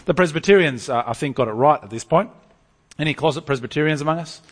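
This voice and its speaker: A man preaching a sermon to a congregation, lively and animated, often stumbling over restarts. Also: fairly high pitch, fast, long reverb tail.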